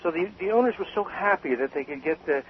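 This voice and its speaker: An older man, a guest on a radio talk show, telling stories about bartending with animated emphasis. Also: fairly high pitch, quick pace. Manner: animated storyteller, emphatic with laughs. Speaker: guest, cocktail author and former bartender. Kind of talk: radio interview. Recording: slightly dull radio sound with faint hiss.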